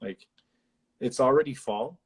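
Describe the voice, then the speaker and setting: A man co-hosting a live chat, retelling film scenes and jumping into high-pitched voices to quote characters. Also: a little slow, breathy edge. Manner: animated retelling, acts out lines in high voices. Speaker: podcast co-host. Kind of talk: casual chat about a film.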